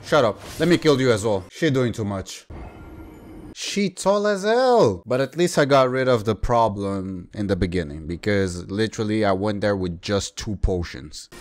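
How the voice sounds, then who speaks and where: A man giving excitable let's play commentary, swearing and ranting at the game. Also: lowish voice, normal speed. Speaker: gaming youtuber. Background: faint game music.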